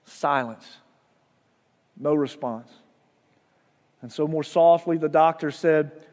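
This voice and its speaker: A male pastor preaching a sermon, telling a story with soft, hushed passages and loud rises. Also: a little high, takes it slowly, pauses often. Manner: storytelling, dropping soft for drama and rising loud. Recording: long hall reverb.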